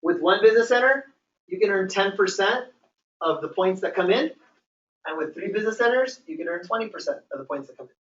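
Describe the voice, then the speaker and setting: A man's voice: sits high, animated, brisk, a bit bright. A man running a training session for a group, explaining plans in a repetitive, emphatic way and checking in with "okay?" often. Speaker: business trainer. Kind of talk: motivational training talk to a group. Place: meeting room with a live audience. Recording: roomy, distant, dull sound.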